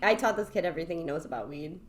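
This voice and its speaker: A woman in her thirties hosting a podcast in casual chat, telling animated stories that she breaks up with laughter. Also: fairly low pitch, rapid-fire. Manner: laughs often, animated storytelling with put-on voices. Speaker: podcast host.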